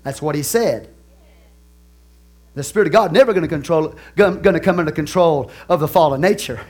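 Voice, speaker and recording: Animated preacher, higher-pitched man. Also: a little fast. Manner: animated, swings from soft asides to loud exclamations; laughs and asks the congregation questions. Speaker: pastor. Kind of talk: sermon.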